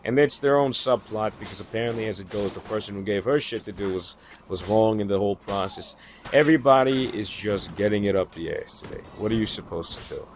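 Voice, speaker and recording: A man's voice: on the low side, brisk, a little hiss or hum. Frustrated man venting with heavy swearing. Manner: frustrated, profane, rambling with restarts. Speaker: new data entry worker. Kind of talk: casual venting monologue.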